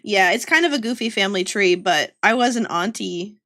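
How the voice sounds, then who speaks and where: A woman's voice: mid-range voice, expressive, a little fast, a bit bright. A young woman from Georgia with a light Southern accent, chatting and giggling as she tells rambling family stories on a stream. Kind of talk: casual storytelling while drawing.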